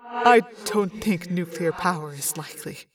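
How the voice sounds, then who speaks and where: A woman voicing a polite, formal male alien who speaks quietly and precisely. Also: on the low side, animated, unhurried, a crowd in the background. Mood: earnest.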